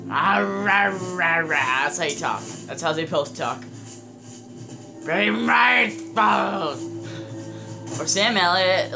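A young man casually commenting on his game, excitable and swearing, talking to his in-game companions. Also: fairly high pitch. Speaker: gameplay commentator. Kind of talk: casual let's-play commentary. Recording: game music loud behind voice.

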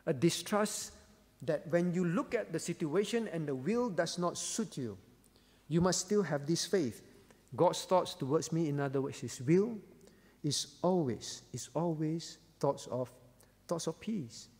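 A man's voice: fairly high pitch, expressive, unhurried, a little mellow, long reverb tail. A male pastor preaching a sermon, earnest and emphatic, repeating key phrases for weight. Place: church hall.

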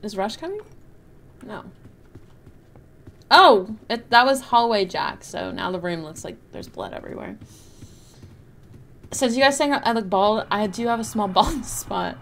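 A woman's voice: medium pitch, lively intonation, measured pace, gravelly, pauses often, fairly bright tone, a little hiss or hum. A woman streamer chatting casually with her viewers while she plays a game. She keeps breaking into helpless giggles. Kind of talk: casual live gameplay chat with viewers. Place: her bedroom at home.

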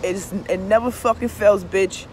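A woman's voice: mid-range voice, steady tone, normal speed, a little mellow, slight background noise. Profane, emphatic woman chatting outdoors. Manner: profane, emphatic, keeps asking "you understand?". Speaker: tarot reader and vlogger. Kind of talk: casual confessional chat.

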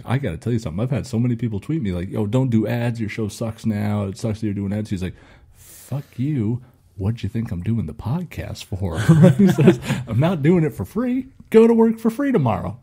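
A man with a fairly low, breathy and mellow voice talks through a casual podcast chat. He tells stories with energy, laughs easily and leans on "uh" and "like" as he goes. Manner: animated storyteller, laughs often, many fillers. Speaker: podcast co-host.

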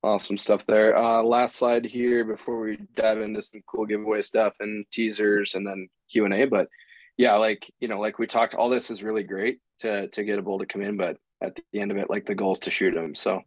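A man's voice: on the low side, flat delivery, a little fast, dry recording. A man hosting a webinar in an easygoing, agreeable way, with many "like"s and "you know"s. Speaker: webinar host.

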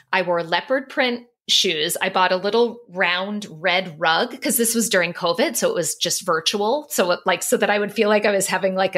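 A woman's voice: mid-range voice, bright, forceful tone. A middle-aged woman psychologist telling a candid, emotional personal story in a podcast interview.

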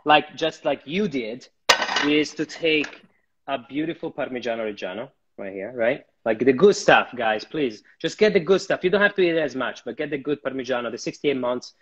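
A man's voice: medium pitch, lively intonation, a little fast, husky. A man chef chatting animatedly during a live cooking demo, often repeating his words. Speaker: guest chef. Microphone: livestream. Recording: dull lo-fi livestream audio.

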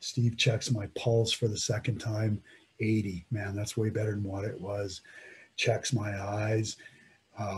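A man vividly recounting his own mountain ordeal in dramatic first-person storytelling, swinging between loud emphasis and hushed tones. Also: on the low side, flat delivery, unhurried, a little hiss or hum.

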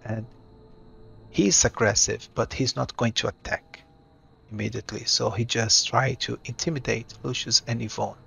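A man narrating a solo tabletop game and thinking aloud as he rolls dice, hesitant and unhurried. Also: medium pitch, steady tone, vocal fry, fairly bright tone, slightly rough.

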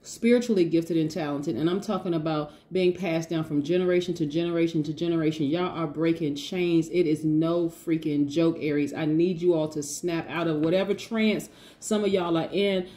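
A woman giving a lively tarot reading, talking casually to her viewers and hyping them up with affirmations. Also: fairly low pitch, moderate pace. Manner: lively, hypes viewers with call-and-response affirmations; casual, says y'all, laughs often. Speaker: tarot reader. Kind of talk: energetic motivational tarot reading.

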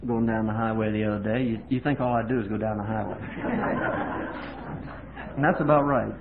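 A man's voice: fairly low pitch, fairly even intonation, fairly quick. Folksy man preaching on old tape. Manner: folksy storytelling, swings from quiet chat to loud preaching. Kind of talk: sermon. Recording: tinny lo-fi tape with faint hiss.

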